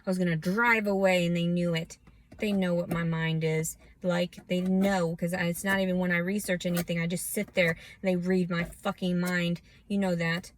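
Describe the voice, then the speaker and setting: A woman vlogging a scattered, profane rant that swings from low muttering into shouting. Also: little pitch movement, normal speed. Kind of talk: ranting personal monologue.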